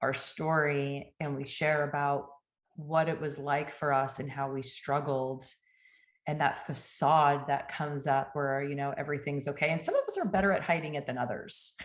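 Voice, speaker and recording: A woman hosting an interview, responding to her guest with warm, affirming empathy. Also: low-pitched, moderate pace, echoey room. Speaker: host and coach. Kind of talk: interview conversation.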